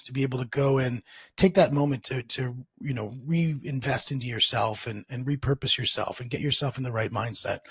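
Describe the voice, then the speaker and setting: A man's voice: mid-range voice, breathy edge, dry recording. A man hosting a podcast, talking in an emphatic motivational way and repeating his key phrases. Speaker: podcast host.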